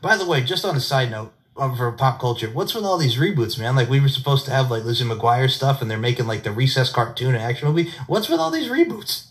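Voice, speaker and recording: A man with a New York accent hosting a podcast, chatting in an excitable, rambling, profane way. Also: medium pitch, fast talker, few pauses. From Long Island, New York. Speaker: podcast host. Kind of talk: casual interview chat.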